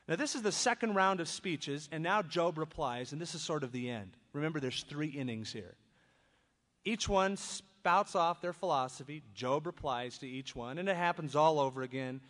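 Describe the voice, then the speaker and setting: Animated preacher in a reverberant hall. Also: male voice, fairly high pitch. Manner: reads scripture, then breaks into lively conversational asides. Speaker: pastor. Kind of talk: expository sermon. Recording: long reverb of a large hall.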